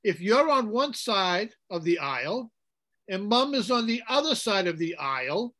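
Speaking unhurriedly in a high, bright voice, a priest leads an informal Bible study. He's animated, breaks into chanted liturgical phrases, and asks the group questions.

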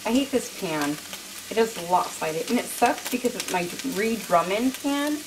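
A woman's voice: medium pitch, animated, normal speed, noisy background. A woman hosting a home cooking video, chatting casually and poking fun at herself while she cooks at the stove. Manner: chatty, self-mocking, laughs often.

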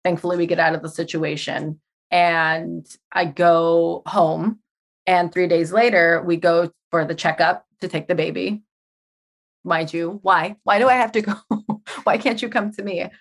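Woman in her 30s on a podcast, telling her story all worked up, acts out every voice, bit low-pitched. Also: measured pace, gravelly. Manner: animated, acts out quoted dialogue, swears. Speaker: podcast guest. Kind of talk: emotional personal storytelling.

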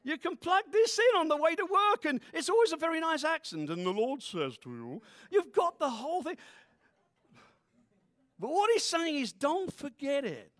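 A man preaching to his congregation in a lively, joking way. His voice sits high and swings widely up and down. The sound is dry and close, with no room echo. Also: normal speed. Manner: animated preaching with playful voices and asides. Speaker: pastor. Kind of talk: sermon.

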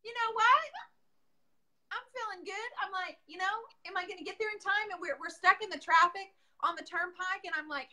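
A woman with a high, bright voice hosts a casual livestream, chatting warmly with her guest and the viewers. She talks in an upbeat, easygoing way, as if over a video call. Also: brisk. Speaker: host of a painting livestream.

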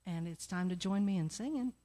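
A middle-aged woman in a church sanctuary, telling a lively personal story that leads into the offering and acting out the voices of the people in it. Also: lowish voice, brisk. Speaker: church member giving the offering talk.

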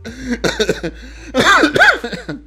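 Slow, laughing bright-voiced man. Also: very high-pitched, wildly swooping pitch, faint music behind. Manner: laughs often, drawn-out exclamations. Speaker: reaction video host. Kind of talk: casual reaction commentary.

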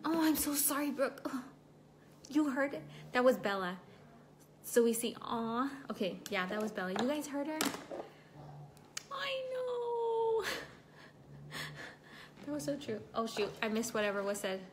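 A woman with a fairly high voice hosts a casual livestream at a moderate pace, applying makeup while reading viewer comments. She's emotional about her broken foot, and slight background noise is audible.

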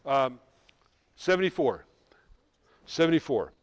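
A middle-aged man coaching a school band in rehearsal, brisk and joking, calling out counts and singing rhythms. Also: medium pitch, sing-song, smooth, dry recording. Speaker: band clinician.

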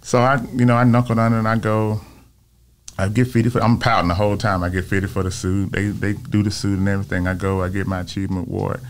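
Lively fifty-year-old man telling stories. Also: lowish voice, fast talker. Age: 50s. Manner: animated storyteller acting out quoted voices. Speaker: filmmaker guest. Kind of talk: casual interview storytelling.

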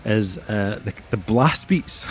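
A man's voice: fairly low pitch, lively intonation, slow. A middle-aged man co-hosting an album review, talking casually and rambling with lots of fillers. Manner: rambling, heavy on fillers like "um" and "kinda".

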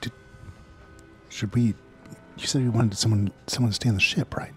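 A man's voice: lowish voice, steady tone, normal speed, a bit bright, faint music behind. A man playing a tabletop game, stumbling over hesitant questions. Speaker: player. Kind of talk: casual tabletop play.

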